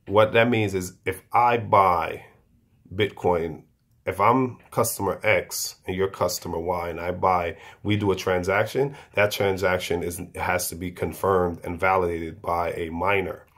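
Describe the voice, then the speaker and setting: A man giving an unscripted explanation to viewers, talking haltingly and often restarting and repeating words. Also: low voice.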